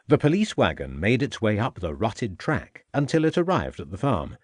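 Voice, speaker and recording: A man narrating an audiobook mystery in a steady storytelling manner. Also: lowish voice, normal speed, dry recording, studio quality. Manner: steady storytelling with dialogue tags. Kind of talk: scripted narration.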